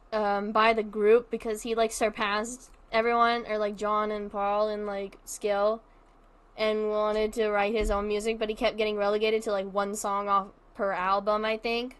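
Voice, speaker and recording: A woman's voice: mid-range voice, fairly even intonation, moderate pace. A woman streaming a game in casual chat, rambling and chatty, often trailing off, restarting and swearing casually. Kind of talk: casual chat while playing a zoo-building game.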